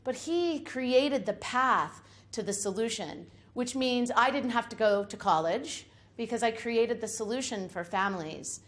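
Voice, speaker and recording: A woman's voice: a little high, measured pace, hardly any pauses, fairly bright tone. A woman speaker giving an inspirational talk to a live audience in a room, emphatic and uplifting, building her points through repeated lists. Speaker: public speaker.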